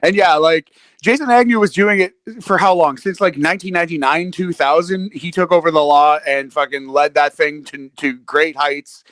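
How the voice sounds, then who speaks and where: A man with a slightly high voice co-hosts a casual sports podcast, laughing often and joking with a loose, profane ease. The sound is dry and close to the mic, with no room around it. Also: steady tone, moderate pace, fairly bright tone, dry recording. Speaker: podcast co-host.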